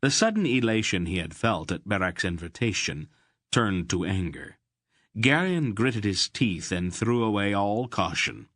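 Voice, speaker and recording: Slow deep-voiced male audiobook narrator. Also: lively intonation, fairly bright tone, dry recording, studio quality. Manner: reads all characters with slight voice shifts. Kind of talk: scripted narration.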